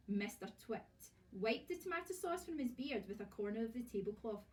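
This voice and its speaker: A woman teacher with a Scottish accent, reading a storybook aloud to children in a lively, expressive way. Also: fairly high pitch, moderate pace, few pauses. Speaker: primary school teacher. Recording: voice from far off.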